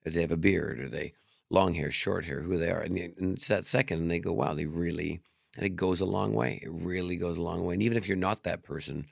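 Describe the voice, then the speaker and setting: A deep, gravelly male voice that rushes through anecdotes at a quick clip. He is a comedian and magician chatting candidly as an interview guest, swearing freely and putting on the voices of the people in his stories. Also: no room sound, clean studio sound. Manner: animated storyteller who acts out quoted dialogue. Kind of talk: casual interview talk.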